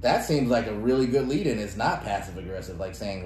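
A man's voice: fairly low pitch, animated, a little fast, a little mellow. A man co-hosting a podcast, chatting casually and laughing often as he reads phrases aloud. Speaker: podcast co-host. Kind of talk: casual chat. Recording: echoey room with faint noise.

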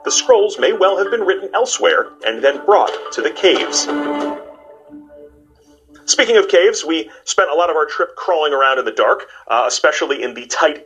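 A man in his forties with a higher, very animated voice, hosting with playful jokes and quick banter. Music plays clearly underneath. He switches easily between chat and narration. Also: low-quality recording. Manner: playful, joking, lively delivery. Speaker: host. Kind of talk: energetic TV host chat and narration.

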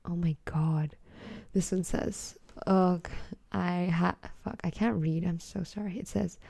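A teenage girl talks through a casual solo podcast, giggling and swearing freely as she reads messages aloud. Her voice sits low and carries plenty of vocal fry, with a warm, mellow tone. The sound is close and dry. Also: steady tone, slow, no room sound. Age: teens. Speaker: podcast host.

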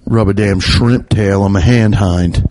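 A man's voice: on the low side, fairly even intonation, measured pace, background noise. A man from the US Midwest hosting a show alone, ranting with swearing and laughing at his own jokes. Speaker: podcast host. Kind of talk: solo comedic rant. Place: at home by a window.

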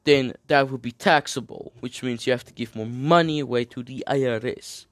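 A young man reads an article aloud in a casual, slangy way, tripping over hard terms and cracking jokes between lines. His voice sits at an ordinary middle pitch. The sound is dry and close. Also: normal speed, fairly bright tone, dry recording. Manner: slangy, jokey asides, stumbles over terms. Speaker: streamer reading an article. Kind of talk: casual reading with commentary.

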